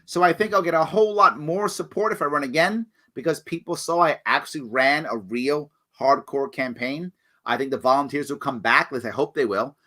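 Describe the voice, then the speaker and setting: Brief: male host of a live Q&A, bright forceful voice with a fairly high pitch, animated and emphatic. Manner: animated, acts out other people's lines with big jumps in pitch. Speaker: host answering viewer questions. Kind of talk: live call-in style Q&A stream.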